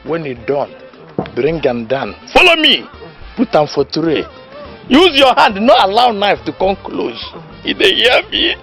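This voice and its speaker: A boastful village know-it-all. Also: male voice, high voice, a little slow, soft background music, heavily acted. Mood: lecturing. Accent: Nigerian Pidgin. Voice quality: loud, lecturing, lively, laughs at own jokes. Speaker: village man lecturing a friend. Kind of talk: comedy film acting.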